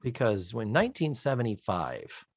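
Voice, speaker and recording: A man co-hosting a podcast, casually retelling a TV episode in an animated way and laughing often. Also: fairly low pitch, moderate pace, no echo. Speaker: podcast co-host. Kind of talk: casual chat, recapping a TV episode.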